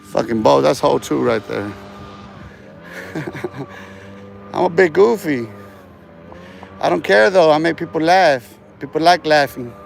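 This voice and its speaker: Brief: male livestreamer, fairly high voice, loose swearing ramble, boastful, laughs a lot, restarts phrases. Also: takes it slowly, gravelly, pauses often, faint music behind. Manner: profane, boastful, laughs between remarks; trails off and restarts words often. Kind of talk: rambling casual livestream talk.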